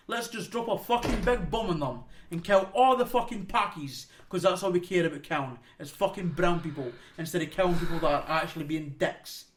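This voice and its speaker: A man's voice: high-pitched, brisk, few pauses. Ranting, swearing Scottish young man. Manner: swears heavily, rants with mocking voices. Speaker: podcast co-host. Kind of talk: profane casual chat, ranting.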